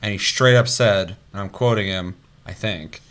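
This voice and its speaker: A young man co-hosting a gaming podcast, chatting casually with a fairly low voice. He tells stories in a loose, animated way and swears freely as he goes. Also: moderate pace. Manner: loose, profane, animated storytelling. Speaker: podcast co-host.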